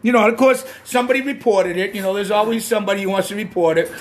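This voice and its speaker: High-voiced ranting Boston man. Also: very fast. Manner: ranting, swears when worked up. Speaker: live stream host. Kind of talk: casual live-stream chat. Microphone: computer mic on a live stream.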